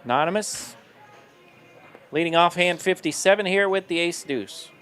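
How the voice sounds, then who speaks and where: A man's voice: high voice, moderate pace, a bit bright, clean tone, soft background music. A man calling live poker play-by-play in an upbeat manner, laughing easily. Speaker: poker commentator.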